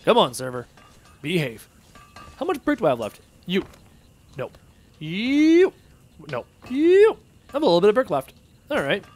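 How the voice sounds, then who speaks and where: Playing a game on stream, a man with a slightly high voice talks briskly but pauses frequently. He jokes, chats casually in an animated way, and reads out what viewers type.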